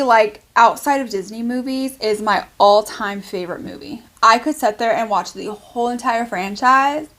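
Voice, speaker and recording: A woman hosting her own haul video, talking in a chatty, gushing way with lots of filler words. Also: on the high side. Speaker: channel host. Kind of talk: casual haul vlog.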